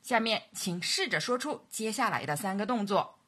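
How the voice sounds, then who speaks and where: A woman with a Mandarin Chinese accent teaching an English lesson, saying each model sentence slowly and repeating it for learners. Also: mid-range voice, expressive, sharp tone, breathy edge. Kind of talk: language lesson narration.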